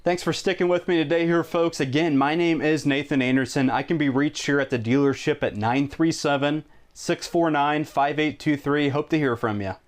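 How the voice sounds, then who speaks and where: A salesman giving a walkthrough tour of an RV, listing features briskly with little fillers. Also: on the high side, steady tone. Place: inside an RV.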